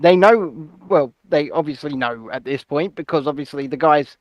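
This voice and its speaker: A man's voice: fairly high pitch, normal speed, no room sound. A man co-hosting a casual news chat show, joking around and slipping into silly voices. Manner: jokey, breaks into silly put-on voices and snatches of song. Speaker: co-host.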